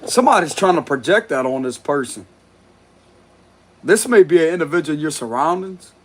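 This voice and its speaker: A man talking through a tarot reading in a loose, blunt way, with plenty of swearing and chuckling. His voice sits on the higher side for a man. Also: lively intonation, brisk, husky. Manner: blunt, profane, laughs often. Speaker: tarot reader. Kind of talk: casual spoken tarot reading.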